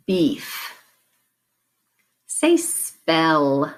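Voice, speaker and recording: A woman teacher with a low voice leads a classroom drill at a very slow pace. She is patient and says each prompt clearly, with long pauses between words. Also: lively intonation.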